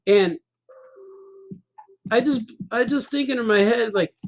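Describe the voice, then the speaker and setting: A man's voice: very high voice, a little slow, creaky. A man in his fifties telling a rambling, self-mocking story in a casual chat as a cartoonist host. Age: 50s. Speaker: cartoonist hosting a stream.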